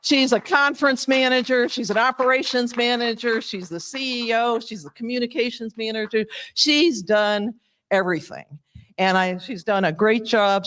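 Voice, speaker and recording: An older woman giving an informal speech at an awards ceremony. She speaks haltingly, jokes at her own expense and laughs between phrases. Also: medium pitch, a bit bright, poor audio. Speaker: award presenter. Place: live awards event.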